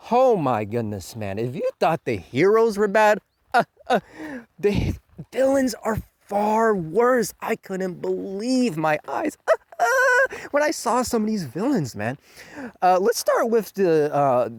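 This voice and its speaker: A man ranting in a casual video review, profane and mocking, breaking into high mocking quotes. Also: no echo. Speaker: show reviewer.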